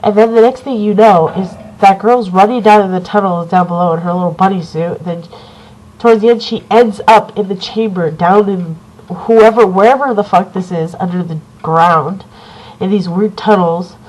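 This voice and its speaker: A woman giving a casual video review of a horror film, rambling and excited, swearing often and full of fillers. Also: mid-range voice, moderate pace, rough recording. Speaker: movie reviewer.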